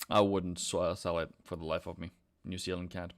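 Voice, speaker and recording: A man's voice: sits low, little pitch movement. A man hosting a live trading stream, talking through charts and joking with his viewers. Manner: joking banter, drawn-out chart talk.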